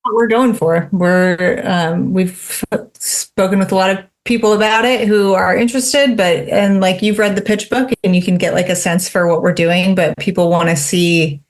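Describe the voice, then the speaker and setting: A woman guest on a podcast interview, friendly and hesitant, filling pauses with ums. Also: medium pitch, steady tone. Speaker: guest filmmaker. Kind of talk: casual interview chat.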